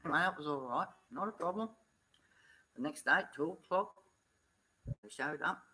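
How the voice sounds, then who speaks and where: A woman's voice: low voice, expressive, moderate pace, pushed and bright, slightly rough, rough recording. A middle-aged woman vlogging, earnestly retelling events in blunt, casual talk. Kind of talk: casual storytelling vlog.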